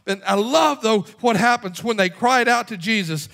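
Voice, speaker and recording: A middle-aged man preaching from the pulpit in a very high voice. His tone is bright and forceful, and his emphatic delivery drops to a hush and then climbs to a shout. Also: normal speed, vocal fry, hardly any pauses. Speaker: pastor. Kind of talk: sermon.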